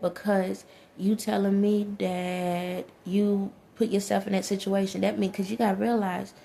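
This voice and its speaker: A woman's voice: mid-range voice, little pitch movement, measured pace, vocal fry, dark tone, slight background noise. A woman, talking to her viewers in a rambling spiritual monologue, laughing often and speaking to presences only she feels.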